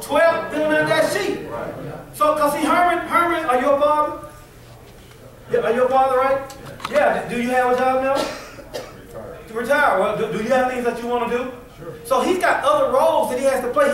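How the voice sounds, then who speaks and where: An animated man leads a motivational training session and keeps quizzing the crowd in casual speech. His voice sits very high. It comes from a distance in a hall with heavy echo. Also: moderate pace. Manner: animated, colloquial, quizzes the audience. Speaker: sales trainer. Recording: echoey hall from far off.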